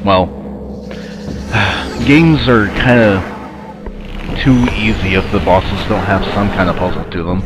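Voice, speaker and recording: A man's voice: fairly low pitch, slow, long pauses, music in the background. Congested man muttering through gameplay commentary. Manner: rambling, muttering asides to the game. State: congested from a sinus infection. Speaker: let's play commentator.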